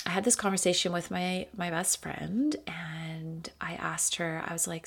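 A woman's voice: fairly low pitch, level tone, unhurried, gravelly, few pauses, a bit bright. A woman hosting her own podcast in a casual, candid and chatty way, swearing freely and laughing often. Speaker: podcast host. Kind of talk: casual solo podcast talk.

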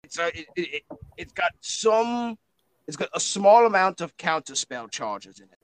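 A man's voice: sits high, very animated, moderate pace, smooth, dry recording, poor audio. A man voicing a cheeky, self-important male spellbook familiar with a New Zealand accent, in a tabletop game. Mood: chirpy. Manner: chirpy, humming, self-important.

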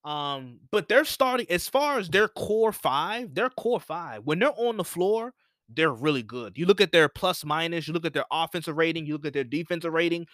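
A man hosts a solo sports podcast, talking casually and opinionatedly and repeating points for emphasis. His fairly high, a bit bright voice has lively intonation at a moderate pace, with clean studio sound and no room sound.

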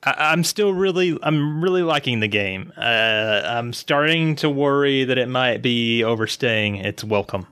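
A man's voice: mid-range voice, unhurried, few pauses, fairly bright tone, clean tone, no echo. A man co-hosting a video game podcast, laid-back and joking in casual chat. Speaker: podcast co-host.

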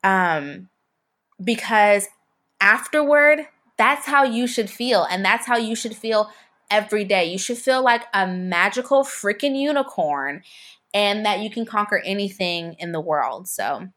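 A woman's voice: medium pitch, expressive, unhurried, a bit bright. A young woman photographer telling a personal story in casual conversation, chatty, with lots of fillers and restarts. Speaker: photographer and podcast guest.

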